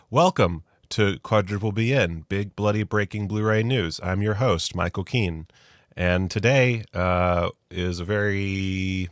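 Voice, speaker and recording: Low-voiced male host, loose rambling delivery, dry close mic. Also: no echo. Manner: rambling, self-deprecating, loose and profane. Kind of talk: casual live-stream chat.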